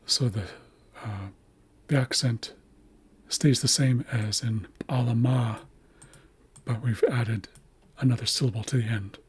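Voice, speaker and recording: A man giving a screen-share language lesson, carefully repeating each word slowly and breaking it into syllables. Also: mid-range voice, slightly rough. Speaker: language teacher. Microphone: webcam setup.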